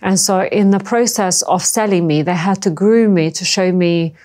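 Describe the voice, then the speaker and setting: A woman from former Yugoslavia telling her story in an interview, speaking in halting, emotional bursts and often restarting and repeating words. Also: lowish voice, warm tone. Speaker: interviewee, trafficking survivor. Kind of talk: personal testimony in an interview.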